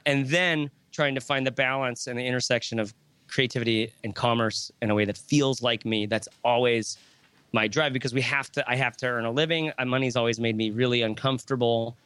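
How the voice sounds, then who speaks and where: A man's voice: medium pitch, steady tone, brisk, fairly bright tone, clear, resonant tone, no echo. A man in his thirties talking as a podcast guest, rambling and joking, often breaking off his own sentences. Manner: rambling, joking, self-interrupting. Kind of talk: casual conversation.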